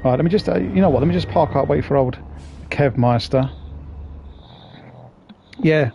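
A man chatting through a game stream, greeting viewers by name and swearing freely. His voice sits a little high yet sounds mellow and soft-edged. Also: normal speed, gravelly, lo-fi sound, a little hiss or hum. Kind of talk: casual live-stream chat.

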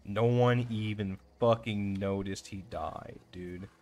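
A young man giving casual, excitable gameplay commentary, swearing often and talking to himself as he plays. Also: lowish voice, slow pace. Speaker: let's play gamer.

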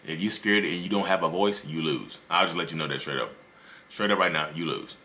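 A man giving casual relationship advice straight to viewers, animated and joking. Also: deep voice, fairly quick.

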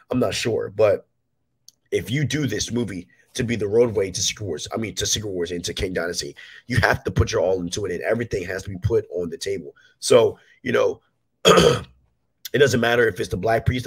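A man hosting a casual commentary show, sick and having lost his voice, speaking in a forced deep voice and rambling through his opinions. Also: breathy edge, low-quality recording. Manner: rambling, opinionated, self-correcting. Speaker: host.

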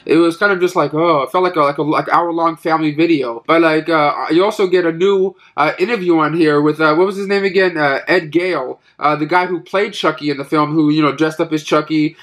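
A man's voice: on the high side, steady tone, brisk, few pauses, fairly bright tone. A man with a stuffy, nasal voice from allergies, casually reviewing his movie collection with lots of fillers and restarts. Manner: rambling with many fillers and restarts.

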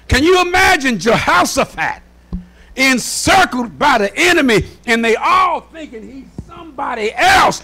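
A man preaching a fervent sermon in a church, often shouting and repeating "watch this" to rally the congregation. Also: very high-pitched, very animated, measured pace. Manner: shouting, repeats "watch this", folksy call-and-response. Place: church sanctuary.

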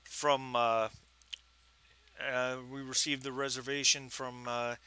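A man's voice: medium pitch, level tone, slow pace, sharp tone, clean tone. A man doing a haughty hotel clerk with a British accent. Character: guarded, dry Egyptian hotel clerk, middle-aged man.

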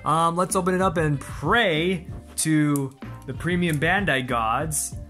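A man hosting an unboxing vlog, excitable and gushing, full of exclamations. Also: on the high side, takes it slowly, faint music behind. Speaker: channel host.

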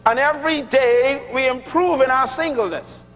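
A middle-aged male preacher giving an emphatic, teasing sermon, repeating key lines slowly for effect, in a large church hall. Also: very high voice, a bit bright. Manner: humorous, teasing the audience. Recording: dull lo-fi recording with long hall reverb.

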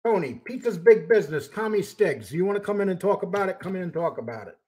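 A man hosting a live online chat, joking, laughing easily and telling rough stories. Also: sits high, very animated, quick pace, darkish tone. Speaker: live stream host. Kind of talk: casual chat.

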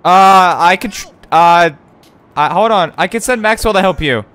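A man doing let's play commentary, giggly and excitable, swearing often and cooing at a pet. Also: high voice, moderate pace, clear, resonant tone. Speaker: gaming YouTuber.

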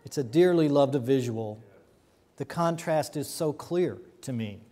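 A man's voice: medium pitch, animated, measured pace, warm tone, in a large hall. A man preaching a sermon as a pastor, emphatic and full of rhetorical questions and repeated phrases.

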